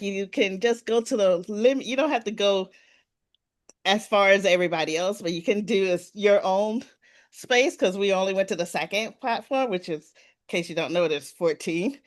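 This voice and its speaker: A woman speaks as a panel guest, telling a personal story to a room. She talks in a chatty, animated way and briefly acts out the voices of others. Her voice sits at an everyday middle pitch. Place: event room with an audience.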